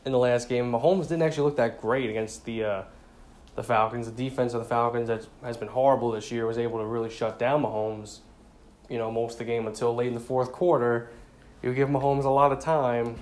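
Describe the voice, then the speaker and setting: Speaking in a medium-pitched voice, a sports commentator casually offers football predictions, repeating himself often and peppering his talk with "you know." A little hiss or hum can be heard in the recording.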